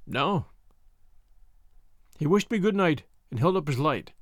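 A man narrating a ghost story in a measured, expressive reading for a radio-style show. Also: a little high, no room sound.

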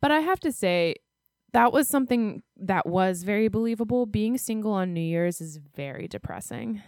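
Woman, podcast co-host, chatty, self-mocking, animated pitch, dry close sound. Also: normal speed, dry recording. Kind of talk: casual chat.

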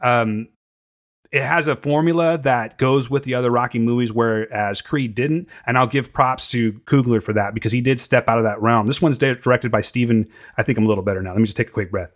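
Co-hosting a casual movie review podcast, a man gets emotional and choked up, tearful as he swears freely. He speaks briskly in a mid-range voice.

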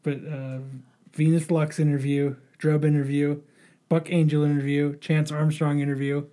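A man's voice: on the high side, flat delivery, moderate pace, mellow. A man on a casual podcast reading out lists and laughing along with his co-hosts. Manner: reads out lists, laughs, playful. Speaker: podcast co-host.

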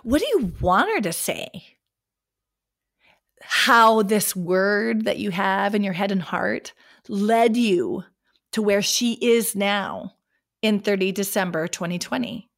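A middle-aged woman hosting a solo podcast, her voice scratchy from a cold, talking animatedly, laughing and clearing her throat. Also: medium pitch, expressive, slow pace. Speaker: podcast host. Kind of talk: casual solo podcast talk.

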